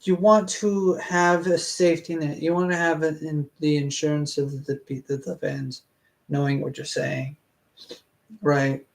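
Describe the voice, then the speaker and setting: A man reading a fan story aloud and commenting on it casually, sounding exasperated, halting and interrupting himself, with frequent laughs. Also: on the high side, little pitch movement, vocal fry. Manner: laughs often. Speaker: reader reviewing a fan story.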